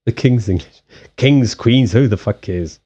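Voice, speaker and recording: A man with a Southern African accent, a native Portuguese speaker, hosting a casual livestream chat, animated and freely swearing. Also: medium pitch, measured pace, dull audio. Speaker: card reader and livestream host. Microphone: USB headset mic.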